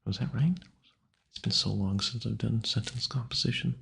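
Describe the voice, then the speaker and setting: Gravelly, husky man rambling casually. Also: lowish voice, steady tone, moderate pace, fairly bright tone. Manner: musing aloud, stumbling over hard words. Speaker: audio creator. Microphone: home mic.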